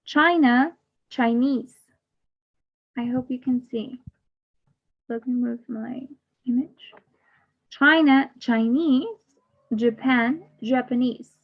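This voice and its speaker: A woman teaching an English class online, slowly repeating each word twice in a drilled, deliberate way. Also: fairly high pitch. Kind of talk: slow drilled pronunciation lesson. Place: online class, speaking to a camera. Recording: slightly dull lo-fi audio.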